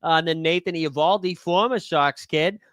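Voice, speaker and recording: A man's voice: fairly high pitch, normal speed, fairly bright tone, clear, resonant tone, no echo, studio quality. A young man hosting a live fantasy sports stream, talking casually and jokily with lots of filler words. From New England.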